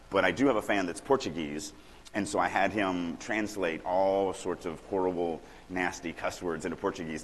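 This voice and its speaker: A middle-aged man from Louisiana giving a casual, animated writing workshop talk at a conference, acting out quoted lines now and then. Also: deep voice. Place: conference hall. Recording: long hall reverb, faint room noise.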